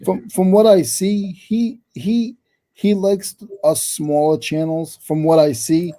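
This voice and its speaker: A man's voice: high-pitched, fairly even intonation, slow, dark tone. A man chatting casually in an online hangout, earnest, often repeating his words. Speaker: reseller channel host. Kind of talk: casual chat.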